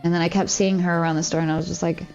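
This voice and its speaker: Here a lowish, level voice races along, a bit mellow, over lo-fi audio with faint music behind. She chats openly from home while streaming a game, rambling and leaning heavily on "like."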